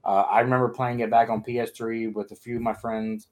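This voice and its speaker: A man's voice: medium pitch, little pitch movement, a little fast, a little mellow. A young man in casual chat, rambling with hesitant uhs.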